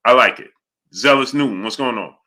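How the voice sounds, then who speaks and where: A man talks boxing on a live stream and keeps greeting chat viewers by name between his points. His voice is very bright and forceful, sitting at an ordinary pitch. He keeps checking in with his audience as he argues. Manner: rapid shout-outs to chat viewers, repeats "you understand what I'm saying". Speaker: boxing talk show host. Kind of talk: live-stream commentary reading super chats.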